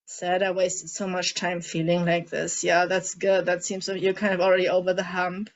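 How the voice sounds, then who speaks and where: A woman coaching a group through a guided tapping and emotion-release exercise, speaking in a gentle, coaxing way and asking many guiding questions. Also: fairly low pitch, monotone, moderate pace, lo-fi sound. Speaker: emotional eating coach leading a group session.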